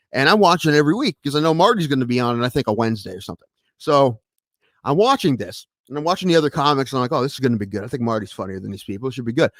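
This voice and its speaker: A man with a slightly high voice, hosting a stream on his own. He rambles and restarts, then gets animated when a story takes hold. The sound is dry and close. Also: no room sound. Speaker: podcast host streaming solo. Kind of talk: casual rambling stream chat.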